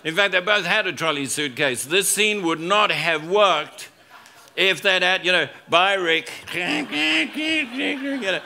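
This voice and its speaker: A man's voice: high voice, lively intonation, slow, gravelly, bright, forceful tone. A man, a business school professor, giving a humorous conference talk to a live audience, telling stories and acting out quoted lines. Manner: storytelling, acts out quoted lines, jokes with audience.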